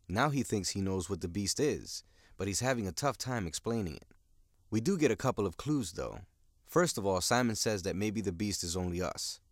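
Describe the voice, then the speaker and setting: A man explains a novel to learners in a lowish voice. He talks plainly and simply, stopping now and then to ask the listener a question. The sound is dry and close to the mic. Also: no room sound. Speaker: teacher.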